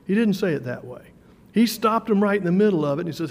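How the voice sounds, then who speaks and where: A man preaching a sermon in a conversational way, with fillers and repeated words, slowing down for emphasis. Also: high-pitched, lively intonation, darkish tone. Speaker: pastor. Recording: long hall reverb.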